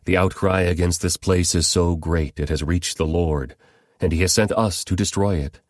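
A man's voice: sits low, steady tone, moderate pace, dry recording, clean studio sound, lightly acted. A man reading the urgent, commanding words of angels.

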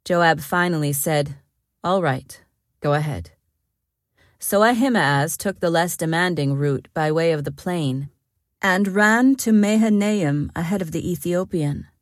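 Woman, scripture narrator, calm, low voice, dry close sound. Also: a little slow, no room sound. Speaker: Bible reader.

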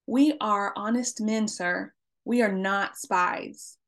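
A woman's voice: mid-range voice, slow, a bit bright. A woman reading the lines of a group of anxious grown brothers, in an earnest, pleading way.

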